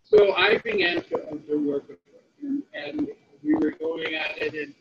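A man's voice: very high voice, huge pitch swings, a little slow, vocal fry, noisy background. A man speaking on a webinar about disability support, telling a story and often checking in with "okay?". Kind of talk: storytelling talk. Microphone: online call audio. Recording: muffled lo-fi webinar audio.

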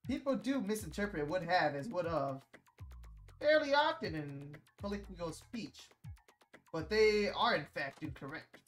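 Brief: prim, formal announcer-school teacher in a game, correcting and salesy, low-pitched, read out by a woman. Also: animated, a little slow, faint music behind.

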